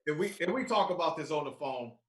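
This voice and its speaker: A man co-hosting a casual sports podcast, speaking in a laid-back, calm and measured way. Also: on the high side. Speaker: podcast co-host. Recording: roomy echo.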